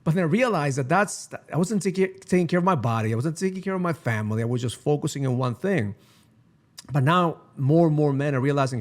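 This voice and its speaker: A man's voice: a little high, lively intonation, quick pace. A man hosting a podcast in casual conversation, earnest and reflective, with casual swearing. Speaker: podcast host.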